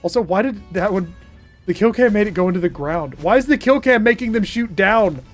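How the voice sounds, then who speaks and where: A man with a high-sitting, animated voice talks fairly quickly over soft background music. He streams a game with playful, jokey commentary, chatting casually with his viewers.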